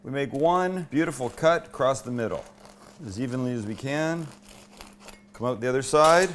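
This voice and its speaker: A man's voice: mid-range voice, animated, moderate pace, a little hiss or hum. A man hosting a cooking show from his indoor home kitchen, chatty and irreverent as he demonstrates a recipe.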